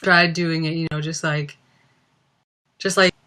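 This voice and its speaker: A woman's voice: low-pitched, fairly even intonation, unhurried, bright, forceful tone. Giggly young woman chatting on a livestream. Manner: giggly, rambling, lots of "like". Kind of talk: casual live-stream chat. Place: home.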